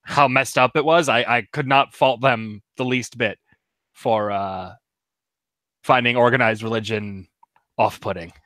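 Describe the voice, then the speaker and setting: A man's voice: medium pitch, fairly even intonation, a little slow, pushed and bright, no echo. A man commenting casually in a group talk show discussion.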